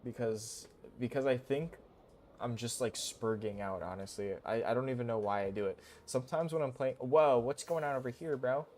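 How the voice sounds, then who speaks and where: A young man streaming a game, talking casually in a goofy, excitable, rambling way full of slang. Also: mid-range voice, moderate pace, slight background noise. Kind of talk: casual live-stream commentary.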